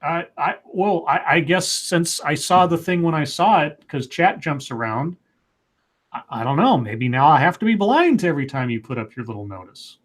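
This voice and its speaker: A man's voice: on the high side, animated, normal speed. A man co-hosting a casual live stream, reading out viewer questions with hesitant, stammering restarts.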